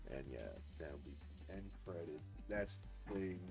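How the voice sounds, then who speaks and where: Deep-voiced streamer rambling through a story. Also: male voice, animated, measured pace, music in the background. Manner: rambling, heavy "like" filler, cursing. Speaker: artist streamer. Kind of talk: casual story pitch on a livestream.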